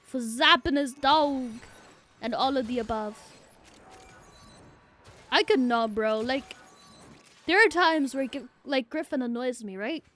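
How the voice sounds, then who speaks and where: A young woman streamer chats casually from a home setup. She talks in a high, bright register, unhurried between her excitable bursts. Her talk is loose, profane and full of laughter. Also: a little hiss or hum. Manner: excitable, swearing, laughing often.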